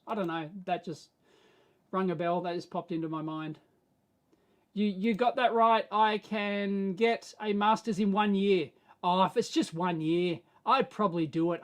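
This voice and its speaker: An Australian man hosting a live stream, answering viewer questions in a rambling, animated way that swings between mumbled asides and excited bursts. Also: high voice. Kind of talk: casual live-stream chat.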